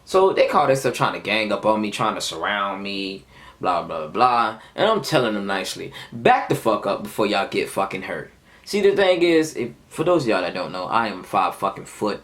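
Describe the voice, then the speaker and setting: A man's voice: on the low side, moderate pace. A man in his twenties telling a heated, profane story of a fight at work in a casual vlog. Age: 20s. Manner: animated, profane, heated retelling. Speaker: vlogger.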